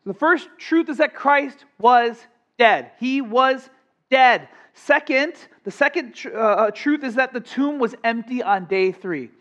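A male pastor preaching a sermon, energetic and playful, with strong emphasis and jokes for the congregation. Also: extremely high pitch, a little slow, dull audio.

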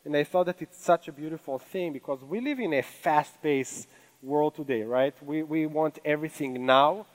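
A man's voice: fairly high pitch, moderate pace, low-quality recording. Earnest accented man preaching a sermon. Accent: non-native English accent. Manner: earnest, conversational preaching with rhetorical questions. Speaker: pastor. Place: church stage.

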